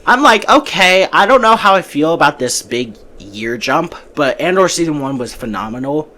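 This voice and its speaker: A man's voice: a little high, very animated, moderate pace, pushed and bright. A man hosting a casual movie podcast, giving breezy opinions and often restarting his sentences. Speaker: podcast host.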